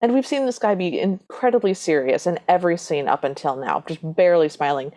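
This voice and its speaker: A woman co-hosting a podcast recaps a movie from her notes in a brisk, warm, medium-pitched voice with big pitch swings and vocal fry. She barely pauses, and her casual plot retelling comes with dry, wry asides.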